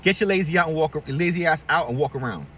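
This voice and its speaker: A man's voice: on the high side, fast, pushed and bright, recorded from a distance, a little hiss or hum. A middle-aged man who owns a barbershop, giving blunt, profane advice to other shop owners and acting out the people he quotes. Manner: blunt, profane, preachy, acts out quoted voices. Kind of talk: candid advice rant to camera.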